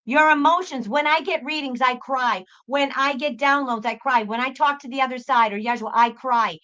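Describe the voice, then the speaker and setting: High, bright woman, dull audio. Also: normal speed. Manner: emphatic, repeats words, swears. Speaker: psychic guest. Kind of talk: casual chat.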